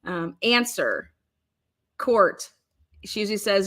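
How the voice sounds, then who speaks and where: A woman hosting a live-stream chat, excitable and giggly, swearing casually. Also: medium pitch, normal speed. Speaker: livestream host.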